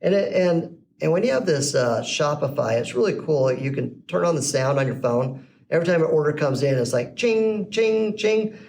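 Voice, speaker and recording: A middle-aged podcast guest casually recounts his business story, animatedly acting out the voices of the people in it. His voice is a little high and gravelly, slightly fast with hardly any pauses. The mic sounds a bit distant, with faint background noise.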